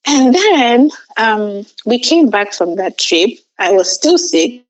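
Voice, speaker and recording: A woman's voice: fairly high pitch, big pitch swings, takes it slowly, rough recording. A young woman, a podcast guest, telling a personal story casually, rambling with many filler words.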